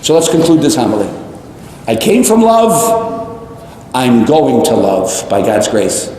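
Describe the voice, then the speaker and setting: A male priest preaching a homily, animated and repeating phrases for emphasis, with jokes and tangents. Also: mid-range voice, a little slow, a little hiss or hum. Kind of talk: sermon. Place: large church. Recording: echoey church, long reverb.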